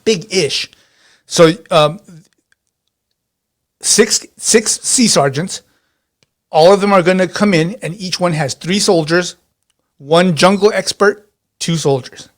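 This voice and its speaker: A man's voice: high-pitched, slow pace, long pauses. A man narrating a tabletop role-playing game as game master, talking in a rambling way with many restarts and fillers.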